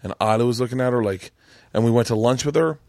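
A man's voice: mid-range voice, fast, darkish tone, no echo, clean studio sound. A man hosting a podcast, telling stories in casual chat, swearing often and acting out the people in them. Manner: profane, storytelling, does voices in quotes. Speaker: podcast host. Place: home studio room.

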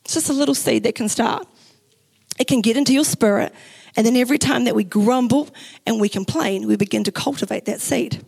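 A young woman pastor from New Zealand with a New Zealand accent, preaching a sermon in a chatty, animated way and acting out the quotes in her stories. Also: a little high, fairly quick, creaky, breathy edge, rough recording. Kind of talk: sermon with personal story. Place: church.

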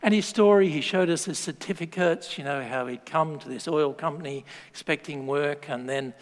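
An Australian man preaching a sermon, telling stories in a lively, joking way. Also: a little high, normal speed. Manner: lively storytelling with laughs and asides. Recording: long hall reverb.

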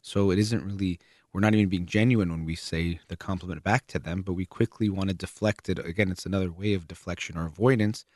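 A man with a very low voice talks through ideas calmly and methodically, pausing now and then on a filler. The sound is close and dry, with no room around it. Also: no echo. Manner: calm, measured, explaining step by step with occasional fillers. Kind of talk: explanatory talk on relationships.

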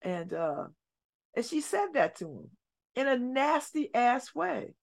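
A middle-aged woman hosting a community radio show, telling stories in an animated way and dropping her voice low and soft for emphasis. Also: slow pace, creaky. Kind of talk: casual talk radio monologue. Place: radio studio.

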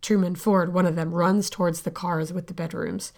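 Gravelly-voiced woman narrating an audio drama. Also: on the low side, steady tone, normal speed, darkish tone. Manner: sardonic, blunt, swears freely. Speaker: narrator and lead character.

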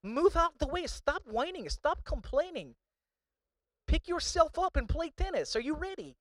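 A man's voice: extremely high pitch, big pitch swings, normal speed, a bit bright, no room sound, clean studio sound, pitched above the performer's own voice, heavily acted. A man voicing a stern male tennis coach with a Czech accent, who barks short commands in broken English. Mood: scolding. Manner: scolding, barking short questions.

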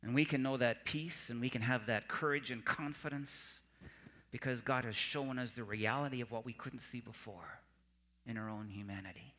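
A man preaching a sermon in an earnest way, often dropping his voice soft for emphasis. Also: medium pitch, normal speed. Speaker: pastor.

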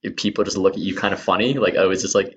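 A man's voice: deep voice, fairly even intonation, very fast, a crowd in the background. A man hosting a casual podcast chat, asking laid-back questions and laughing easily. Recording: dull lo-fi sound.

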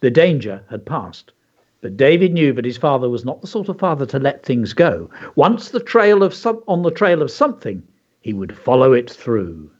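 With a sing-song, medium-pitched voice that's a little mellow and has a breathy edge, this teacher and radio host reads a story aloud at a moderate pace on a children's lesson program. He breaks in with enthusiastic, chatty asides, and the radio audio is dull and lo-fi.

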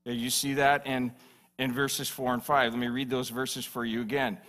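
A man's voice: medium pitch, level tone, normal speed, a bit bright. A man preaching a sermon as pastor, emphatic and repeating phrases for stress.

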